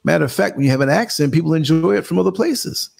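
Older new york guy hosting a live stream, gravelly and a bit husky, loose storytelling, jumps up high when he quotes people. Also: fast talker. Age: 60s. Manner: animated storyteller, acts out quotes in a higher voice, laughs often. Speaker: live show host. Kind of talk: casual live-stream chat.

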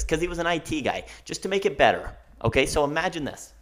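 A man's voice: a little high, sing-song, quick pace. A man hosting a solo podcast, ranting emphatically and often asking "okay?". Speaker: podcast host.

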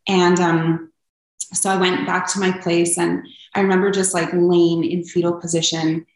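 A woman's voice: fairly low pitch, little pitch movement, normal speed. A young woman telling her personal story as an interview guest, earnest and open, with frequent ums. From Canada. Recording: echoey room.

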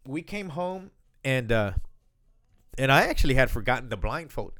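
Animated man swearing through a story. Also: mid-range voice, moderate pace. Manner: animated, swearing, laughing storyteller acting out quotes. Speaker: husband telling wedding story. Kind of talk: casual chat.

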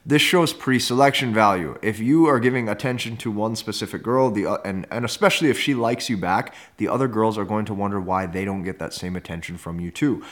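A man's voice: lowish voice, brisk, hardly any pauses, a bit bright. A man hosting a podcast, commenting in an assertive, instructive way on dating advice. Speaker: dating coach host.

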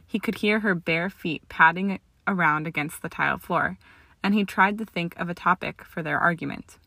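A woman reads a story aloud in a steady, expressive narrating voice. Her tone is lowish yet bright and forceful. The sound is close and dry, with no room around it. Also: moderate pace, gravelly, no room sound. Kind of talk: audiobook reading of fan fiction.

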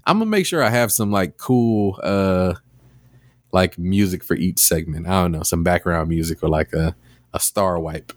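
A man's voice: sits low, normal speed, no room sound, studio quality. A man hosting a podcast, chatting casually and rambling with lots of fillers as he retells a story. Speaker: podcast host. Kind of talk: casual chat.

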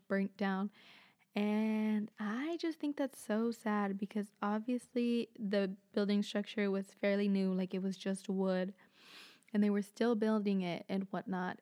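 A woman's voice: mid-range voice, warm tone. A young woman hosting a solo podcast, rambling casually with lots of fillers and swearing. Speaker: podcast host.

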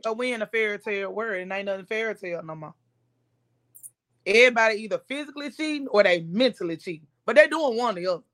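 Opinionated woman co-host, plainly pitched. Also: animated, quick pace, fairly bright tone. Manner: opinionated, lays out her views step by step. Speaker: podcast co-host. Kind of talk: casual chat.

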